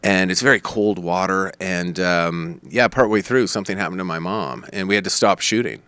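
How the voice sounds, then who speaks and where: A low-pitched man tells a long story as a podcast guest. He rambles and acts out what others said, and the recording is dry and close. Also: moderate pace, clean tone, no echo. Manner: rambling, animated storyteller who quotes others. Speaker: comedian guest.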